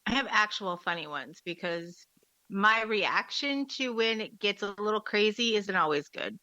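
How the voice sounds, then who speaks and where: A woman's voice: medium pitch, expressive, normal speed, pushed and bright, dry recording. A woman, a mother of sons, candidly telling funny family stories as a podcast guest. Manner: candid, laughing storyteller. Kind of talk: casual podcast chat. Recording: dull, dry sound.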